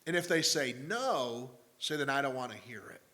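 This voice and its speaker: A man's voice: mid-range voice, lively intonation, normal speed, sharp tone. A man in his forties preaching a sermon as pastor, telling stories and numbering his points with folksy asides.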